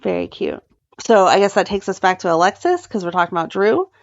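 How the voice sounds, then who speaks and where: A woman's voice: mid-range voice, brisk, creaky, no echo, dull audio. A woman co-hosting a podcast, recapping a soap opera in casual chat and acting out the characters' lines as she retells scenes. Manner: animated, acts out characters' lines when retelling. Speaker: podcast co-host.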